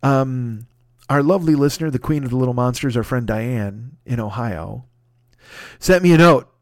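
A podcast host in his fifties rambles through a casual solo show, swearing freely and tossing in self-mocking asides. His mid-range male voice moves at normal speed, with studio-quality sound and no echo.

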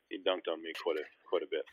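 A man from Canada, a former basketball teammate, recalling stories in an easygoing, halting way. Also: very deep voice, little pitch movement, slight background noise. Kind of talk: casual anecdotal storytelling. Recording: tinny phone-line audio, dry.

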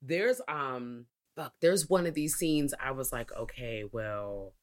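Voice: mid-range voice, moderate pace, hardly any pauses. A podcast co-host in casual chat about horror films, rambling with many fillers and laughs.

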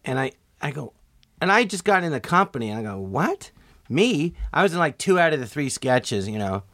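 Middle-aged male comedian guest, animated storyteller, dry close sound. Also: medium pitch, quick pace, no echo. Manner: animated, acts out quoted voices. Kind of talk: casual storytelling interview.

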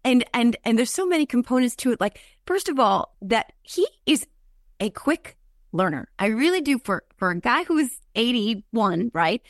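A woman's voice: on the high side, big pitch swings, normal speed, dry recording, studio quality. A woman hosting a podcast, talking conversationally and laughing often. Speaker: podcast host. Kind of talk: casual political chat.

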